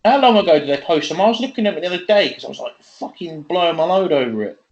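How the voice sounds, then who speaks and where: A man's voice: on the high side, animated, fast talker, dull audio. A man co-hosting a casual podcast chat, swearing freely and laughing often as he tells stories. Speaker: podcast co-host.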